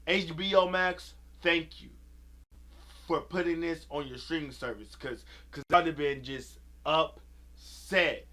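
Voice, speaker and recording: A video creator, a man with a somewhat high voice, speaks slowly in a sharp tone. He rants angrily and profanely about a movie, venting heatedly and repeating himself.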